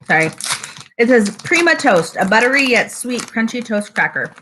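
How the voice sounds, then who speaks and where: Woman podcast co-host, slightly high voice, measured label-reader in casual chat. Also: very animated, background noise. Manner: reads snack labels aloud in a measured way. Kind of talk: casual snack-tasting chat.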